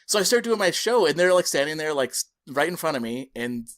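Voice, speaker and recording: A man's voice: a little high, expressive, brisk, hardly any pauses, fairly bright tone. A man co-hosting a podcast who tells a story with animation and acts out the people he quotes. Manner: laughs between phrases while telling a story. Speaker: podcast co-host.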